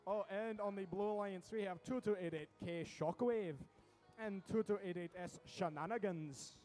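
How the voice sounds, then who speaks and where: A man giving lively, quick play-by-play commentary at a robotics competition, with joking asides between matches. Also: sits high, soft background music. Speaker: event commentator.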